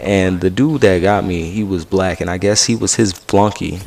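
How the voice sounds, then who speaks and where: Low-voiced teen guy telling a story. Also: moderate pace, gravelly, slight background noise. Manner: slangy, animated retelling with acted quotes. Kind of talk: casual storytelling.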